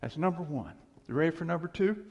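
An older man giving a casual, folksy sermon, chuckling often and teasing himself, with a gravelly voice. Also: fairly high pitch, animated, fast talker, darkish tone, muffled recording. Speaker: preacher. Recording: reverberant hall.

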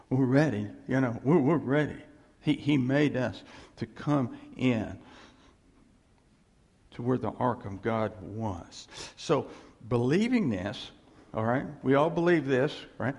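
A man's voice: mid-range voice, lively intonation, takes it slowly, vocal fry, darkish tone, in a large hall. A man preaching a sermon on scripture, emphatic and repetitive, asking the congregation for responses. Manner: emphatic, repeats phrases, calls for audience response.

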